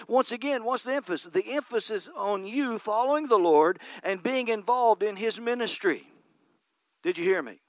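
Speaking at a normal speed in a high-pitched voice, a man preaches as a pastor, and there's no echo on the recording. He presses his points emphatically and keeps asking the congregation, "Amen?"

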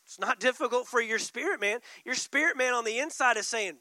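An impassioned male pastor preaching with emphatic force, dropping at times almost to a whisper. His voice is strikingly high and bright. The recording is close and dry. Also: a little fast, few pauses, no room sound. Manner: emphatic, impassioned, swings from loud to near whisper. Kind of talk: sermon.

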